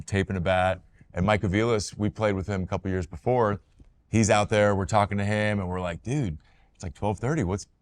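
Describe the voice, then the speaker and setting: Brief: male podcast host, former player, relaxed and low-pitched, easygoing storyteller. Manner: relaxed, laughs along, drops into quoted voices. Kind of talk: casual storytelling chat.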